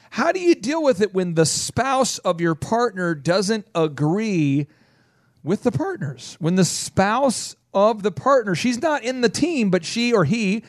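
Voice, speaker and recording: A man with a bright, fairly high voice hosts a business radio show and tells a long story at full tilt. He acts out what people said in quick bursts. His voice sounds close and dry in the studio. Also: no room sound.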